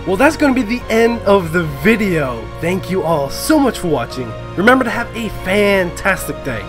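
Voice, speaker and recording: A young man giving live, excitable commentary on a game he plays, swearing and yelling when surprised. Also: high voice, moderate pace, music in the background. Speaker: gaming commentator.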